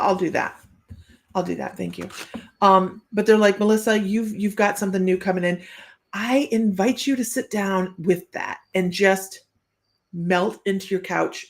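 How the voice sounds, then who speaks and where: On a casual live stream, a female psychic medium gives a reading in a fairly low, gravelly voice with a fry-edged texture. She rambles loosely and laughs often between thoughts.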